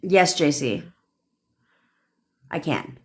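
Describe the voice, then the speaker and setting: A woman with a low voice rants on a livestream as a coach. Her talk is blunt, loose and full of swearing, and she breaks off to greet and answer commenters by name. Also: very animated, very slow, a little mellow. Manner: blunt and profane, chatty, answers viewers by name. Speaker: manifestation coach hosting a livestream. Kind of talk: casual livestream rant and coaching.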